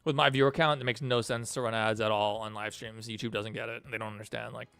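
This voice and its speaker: A man's voice: lowish voice, little pitch movement, fast, vocal fry, fairly bright tone. A man livestreaming while he builds a game, chatting and thanking donors as he works. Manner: rambling, thanks donors mid-work. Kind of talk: casual livestream chat.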